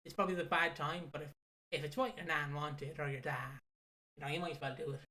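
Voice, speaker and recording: A man's voice: a little high, fast. A man co-hosting a podcast, telling stories in a casual, swearing style and laughing often. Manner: laughing, swearing, animated storytelling. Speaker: podcast co-host. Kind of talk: casual chat.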